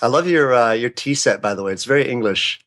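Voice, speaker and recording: A man's voice: mid-range voice, animated, fast talker, a bit bright. A man co-hosting a podcast, chatting casually and joking, with frequent laughs. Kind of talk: casual chat.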